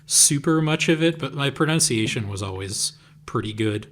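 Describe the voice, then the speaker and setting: A man with a mid-range voice co-hosts a podcast in casual chat. He often restarts his sentences and fills pauses with "like". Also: medium pitch, lively intonation, a bit bright. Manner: hesitant, repeats words, fills with "like". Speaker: podcast co-host.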